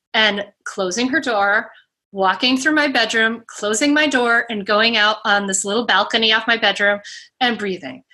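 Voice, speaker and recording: Bright-voiced woman on a podcast, chatty, lots of likes and kinda's, explaining parenting stuff. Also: on the high side. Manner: chatty, explains with examples, many fillers. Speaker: podcast guest, mindful parenting teacher. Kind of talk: casual interview chat.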